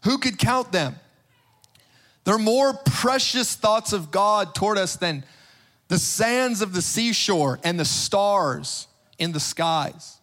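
A man preaching with fervor and emphasis, stacking repeated phrases one after another. His voice sits high for a man, and he takes his time, letting each line land slowly. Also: expressive, a bit bright. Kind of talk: sermon.

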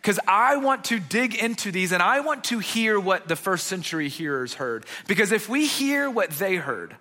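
High, bright-voiced male pastor preaching. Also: big-room sound. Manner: conversational preaching with frequent "okay?" check-ins. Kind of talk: sermon.

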